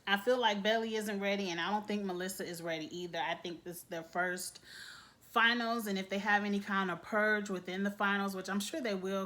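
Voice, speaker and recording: Woman, casual reality TV recap, animated, laughs often. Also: mid-range voice. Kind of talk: casual episode review.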